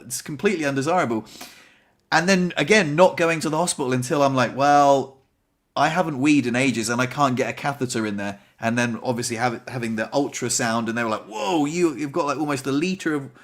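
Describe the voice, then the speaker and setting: A man's voice: mid-range voice, animated, brisk. Chatty man hosting a podcast. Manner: chatty, rambling, self-deprecating. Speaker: podcast host. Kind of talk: casual chat.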